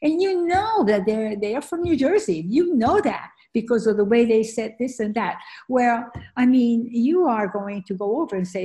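A guest author from Argentina, whose first language is French, tells her story earnestly in a conversational interview with frequent fillers. She speaks at normal speed in a mellow, slightly high voice.

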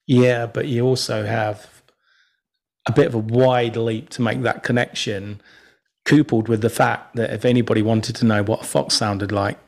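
A man's voice: mid-range voice, flat delivery, moderate pace. A man, teasing in a dry way on a podcast. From England. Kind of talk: casual podcast banter.

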